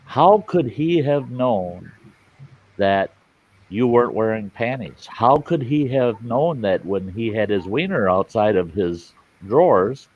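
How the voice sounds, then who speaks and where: A man's voice: mid-range voice, animated, slow pace. A man hosting a live stream, telling bawdy jokes and chatting casually, laughing at his own lines. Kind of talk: casual joking chat. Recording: dry, dull lo-fi stream audio.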